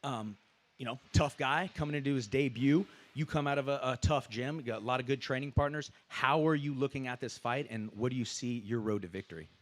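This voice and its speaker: A fight commentator with a mid-range voice moderates a press conference, talking a little fast. He questions the fighters in a chatty, enthusiastic way, full of fillers.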